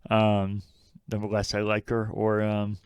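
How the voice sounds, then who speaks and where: Man, casual podcast co-host, blunt, swears a lot, lowish voice, smooth, dry sound. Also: monotone, takes it slowly, no room sound. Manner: blunt, swears freely, quotes lines mockingly. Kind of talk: casual chat.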